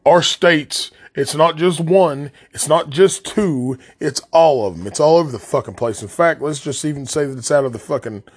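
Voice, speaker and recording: Appalachian man, podcast host, furious profane rant, fairly high-pitched voice, blunt and fired up. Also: moderate pace, hardly any pauses, husky. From southern West Virginia coal fields. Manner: angry, heavily profane, blunt.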